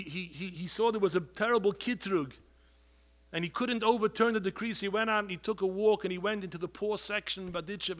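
High bright-voiced preaching man. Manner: pleading, rises to loud outbursts, heavy Yiddish and Hebrew terms. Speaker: rabbi giving a talk. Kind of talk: impassioned sermon.

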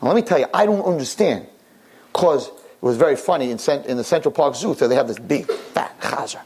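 An older man, a rabbi, preaching a sermon through an animated story and often jumping into high, excited voices. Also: fairly quick, slightly rough.

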